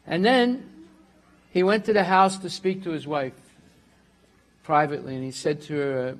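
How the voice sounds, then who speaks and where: A man teaching a class, telling a story in a relaxed way and dropping in Hindi words. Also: on the high side, normal speed, long pauses.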